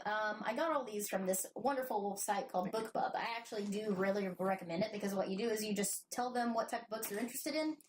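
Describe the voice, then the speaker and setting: A woman's voice: mid-range voice, darkish tone, slight background noise. A woman hosting a casual podcast chat who reads book blurbs aloud with playful emphasis and frequent giggles. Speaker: podcast host.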